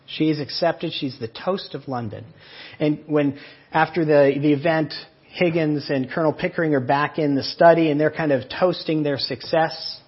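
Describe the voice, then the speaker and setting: Pastor guy giving a sermon, kinda breathy, muffled lo-fi audio. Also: fairly high pitch, normal speed. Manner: earnest, explanatory storytelling.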